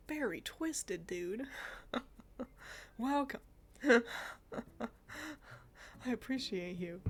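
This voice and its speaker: A woman's voice: medium pitch, a little hiss or hum. A woman streaming live, chatting casually about games while sick and congested, laughing often.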